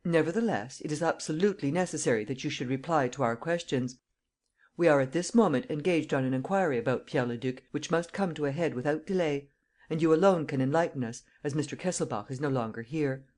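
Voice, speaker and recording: A narrator reading the lines of a composed, middle-aged police chief who questions calmly and firmly. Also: male voice, fairly high pitch, brisk, lightly acted. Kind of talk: audiobook character voice.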